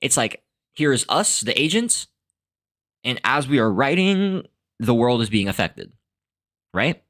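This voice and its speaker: Animated young man rambling casually. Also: mid-range voice, slow pace, long pauses. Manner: rambling, filler-heavy, laughs often. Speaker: podcast host. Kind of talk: casual monologue on language and philosophy.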